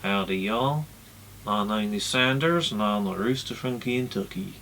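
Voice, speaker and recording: A man's voice: on the low side, measured pace, a bit bright, a little hiss or hum. A man doing a ventriloquist voice for a male rooster puppet, with a put-on American Southern drawl and a folksy manner. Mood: friendly.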